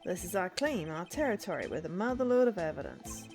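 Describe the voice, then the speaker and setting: A woman voicing a swaggering male cowboy detective in a put-on American accent, with a slow drawl. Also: fairly low pitch, big pitch swings, darkish tone, soft background music.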